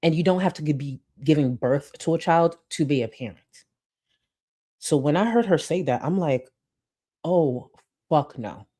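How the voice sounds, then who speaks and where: Woman, live-stream commentary, blunt, emphatic, mellow dark tone. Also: low voice, expressive, normal speed, breathy edge. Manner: blunt, emphatic, swears freely; reads chat comments aloud.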